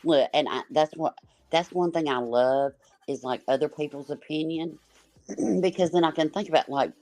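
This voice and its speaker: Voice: mid-range voice, moderate pace, darkish tone, no room sound. A panel guest talks in a loose, rambling way, stumbling over restarts and piling up fillers. The voice sits mid-range, and the sound is dry and close with no room to it. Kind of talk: casual livestream chat.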